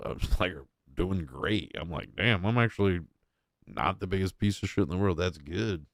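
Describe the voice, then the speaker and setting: A man's voice: low voice, animated, moderate pace, gravelly, dry recording, clean studio sound. A young man giving casual, crude and mocking reaction commentary as a streamer.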